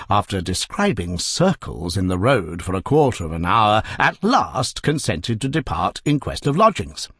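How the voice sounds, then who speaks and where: A man narrating a classic novel in an expressive, measured storytelling manner. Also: medium pitch, breathy edge, no echo, studio quality.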